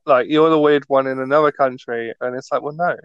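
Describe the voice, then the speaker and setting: A man's voice: medium pitch, steady tone, fairly quick, clean tone, dry recording. A British man co-hosting a casual podcast chat, ranting sarcastically and peppering his talk with "mate" and "right?". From Britain. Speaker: podcast co-host. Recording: slightly dull lo-fi audio.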